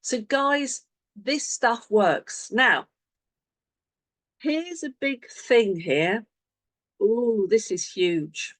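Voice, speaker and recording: A woman coaches her sales team over a video call. Her pitch swings widely as she acts out what to say to customers. The sound is close and dry, with no room around it. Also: extremely slow, pauses often, no echo. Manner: animated, acts out sample conversations. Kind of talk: online team coaching session.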